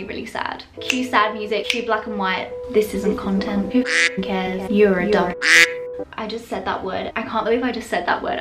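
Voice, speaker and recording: A young woman chatting casually in a home vlog, playful and sarcastic, laughing often as she reads comments aloud. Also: medium pitch. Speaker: YouTuber.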